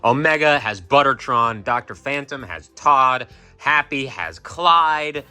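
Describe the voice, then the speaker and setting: A man's voice: mid-range voice, lively intonation, slow, bright, forceful tone, smooth, soft background music. A young man in a casual vlog, rambling and mocking himself, swearing freely and often restarting his sentences. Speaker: plush maker and video creator.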